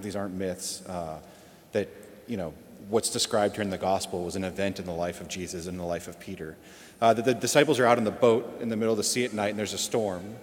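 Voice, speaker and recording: Guy preaching a homily, kinda low voice, earnest and thoughtful, big echoey church sound. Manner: earnest, reflective. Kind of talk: gospel reading and homily. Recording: long hall reverb.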